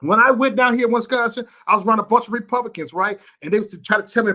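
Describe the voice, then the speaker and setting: A man's voice: very high-pitched, lively intonation, racing, hardly any pauses, bright, forceful tone. A man from Chicago ranting bluntly and profanely on a vlog livestream, preachy and repetitive, talking to his chat viewers. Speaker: vlogger and livestream host.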